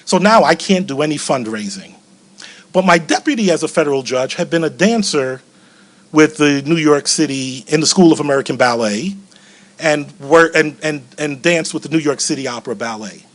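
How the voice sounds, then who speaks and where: A middle-aged man giving a keynote speech as a personal story, animated and acting out voices, slowing and softening at tender moments. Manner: animated, acts out quoted voices with big pitch swings; slows and softens at emotional moments. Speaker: keynote speaker.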